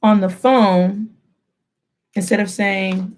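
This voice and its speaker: Speaking at normal speed in a mid-range voice, a thirty-something woman teaches students a spirited language lesson online. She mixes Spanish with English and drills phrases by repeating them.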